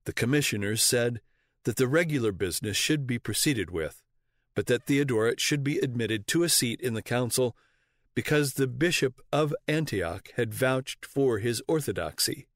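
A man narrating an audiobook in a measured, deliberate reading voice, close to the mic. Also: medium pitch, expressive, dry recording. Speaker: audiobook reader.

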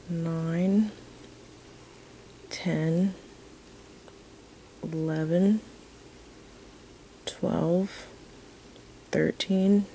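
A woman teaching a crochet tutorial in a casual, chatty way, counting her stitches softly as she works. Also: on the low side, vocal fry, slight background noise, low-quality recording. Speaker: crochet instructor.

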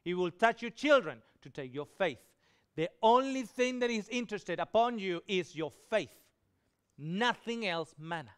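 A man's voice: high voice, expressive, normal speed, clear, resonant tone. A man preaching a sermon, telling a personal story with emphatic swells of feeling. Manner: emphatic, swells louder on key lines. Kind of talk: sermon testimony.

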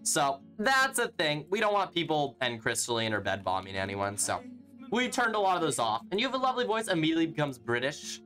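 A game streamer chats to viewers while mining, tossing off sarcastic, teasing asides between greetings. The voice swoops widely in pitch from phrase to phrase. Faint music plays underneath. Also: big pitch swings, brisk, bright, forceful tone. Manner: playful, teasing and sarcastic toward chat. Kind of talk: live gameplay commentary while reading chat.

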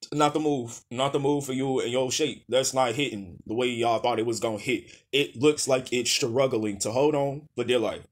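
A man roasting red carpet outfits in blunt, profane rants, calling names over and over and telling people to go to hell. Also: medium pitch. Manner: blunt, profane, exasperated rants with repeated name calls. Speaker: fashion critic.

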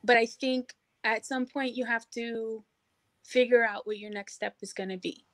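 A middle-aged woman speaking as a guest on an interview show, energetic and encouraging, with lots of "you know" fillers. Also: on the high side, normal speed, no echo. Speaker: podcast guest, hospitality professional. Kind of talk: casual interview chat.

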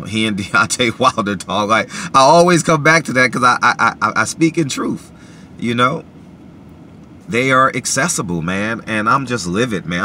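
Parked in his car, a boxing vlogger talks casually to camera in a lowish voice, with a little hiss or hum in the audio. He's animated, repeats himself, and leans on filler phrases like "you know what I mean."

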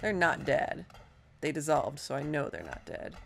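A woman's voice: low-pitched, big pitch swings, normal speed, gravelly, a little hiss or hum. Chatty woman narrating her gameplay. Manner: chatty, self-deprecating, thinks aloud. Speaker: let's play host. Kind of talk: casual gameplay commentary.

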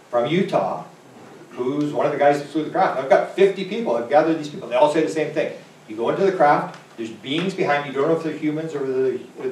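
A man's voice: medium pitch, darkish tone, echoey room, recorded from a distance, a little hiss or hum, low-quality recording. A man answering audience questions as a UFO researcher, telling rambling stories full of quoted dialogue. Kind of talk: conference Q&A answer. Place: lecture hall.

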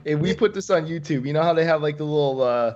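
Male panelist, dry teasing tone, somewhat high voice, lo-fi call sound. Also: quick pace, darkish tone, a little hiss or hum. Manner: laid-back, dryly teasing. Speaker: podcast panelist. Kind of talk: casual podcast chat.

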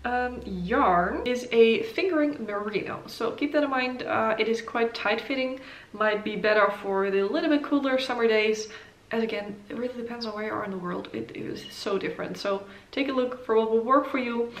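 Woman, knitting vlogger, casual chat, filler-heavy, slightly high voice, echoey room. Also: normal speed. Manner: chatty, many ums and uhs, thinks aloud. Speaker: knitting channel host. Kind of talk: casual pattern review vlog. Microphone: camera mic.

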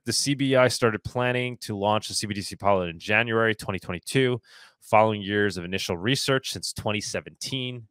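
A man with a fairly low voice reads news items and keeps stopping to comment in a loose, sarcastic way, often repeating himself as he restarts. The sound is dry and close, with no room around it. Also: no room sound. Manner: sarcastic asides between read-out items; casual, repeats words and restarts. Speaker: crypto news host.

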